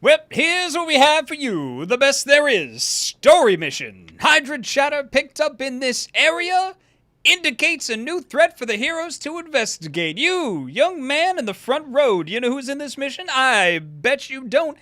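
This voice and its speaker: A man voicing a loud old-timey male carnival barker reading game text as a sales pitch. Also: big pitch swings, moderate pace, no room sound, exaggerated voice. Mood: hawking. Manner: booming, teasing sales pitch.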